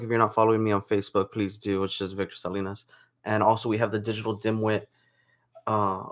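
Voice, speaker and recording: A man's voice: on the low side, a bit bright. A young man chatting casually to camera in a home vlog, rambling with restarts while feeling unwell with a sore throat. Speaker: vlogger.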